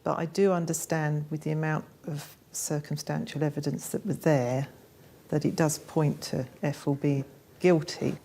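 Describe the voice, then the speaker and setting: A woman's voice: low voice, steady tone, moderate pace, dark tone. A woman presenting a documentary, talking in an earnest, thoughtful way with interviewees. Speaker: presenter and investigator. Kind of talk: documentary interview and to-camera talk.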